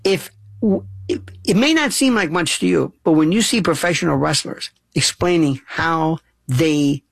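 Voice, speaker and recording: Gravelly, husky man talking emphatically. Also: a little high, moderate pace, dry recording. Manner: rambling, emphatic, repeats and restarts words. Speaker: talk show host. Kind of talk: casual monologue.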